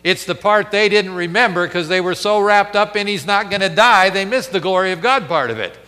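Forceful preacher man in a reverberant hall. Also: high-pitched, animated. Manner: emphatic, dramatic pauses, rhetorical questions. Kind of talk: sermon.

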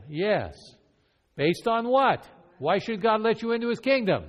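A man's voice: fairly high pitch, lively intonation, normal speed. A man leading a church evangelism training class, asking the group question after question in an earnest, conversational way. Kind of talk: classroom teaching with role-play. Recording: long hall reverb.

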